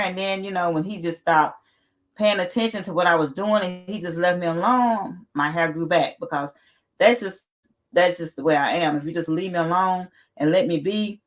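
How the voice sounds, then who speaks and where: Blunt, laughing woman livestream host. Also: fairly low pitch. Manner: blunt, laughs often, repeats herself, swears casually. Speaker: livestream host reading chat. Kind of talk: casual livestream chat.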